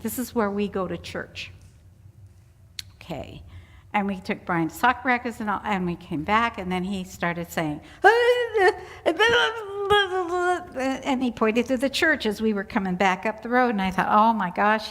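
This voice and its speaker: An older woman with a slightly high voice tells a story from her own life, chatty, and she laughs easily. She acts out the people in it as she goes. Her voice hangs in the long reverb of a church hall. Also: a bit bright. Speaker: church volunteer interviewee. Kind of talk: telling a personal story in an interview. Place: church sanctuary.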